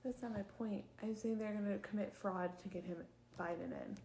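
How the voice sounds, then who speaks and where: A woman's voice: mid-range voice, steady tone, a little mellow, a little hiss or hum. Insistent young woman in an echoey room. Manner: quick, insistent, often talks over others. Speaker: podcast co-host. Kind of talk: casual political chat.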